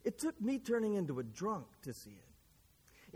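A man's voice: sits high, huge pitch swings, measured pace, long pauses, mellow, breathy edge, big-room sound. A man preaching a sermon, retelling a scripture story earnestly and pressing his listeners with rhetorical questions.

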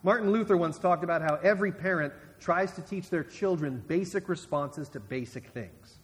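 A man delivers a sermon in a relaxed, conversational way, stopping and restarting and turning to asides with the congregation. His voice sits a little high for a man. Long reverb trails after each phrase in the sanctuary. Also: normal speed. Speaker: guest preacher.

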